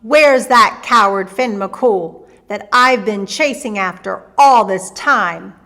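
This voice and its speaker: A woman voicing a boastful, gluttonous male giant who bellows and shouts. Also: medium pitch, slow. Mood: blustering.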